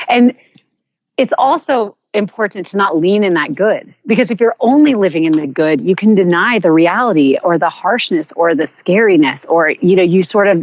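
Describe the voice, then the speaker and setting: Earnest woman with a lowish voice. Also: no room sound, muffled recording. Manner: earnest, reflective, halting with restarts. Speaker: podcast guest. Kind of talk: personal storytelling in a conversation.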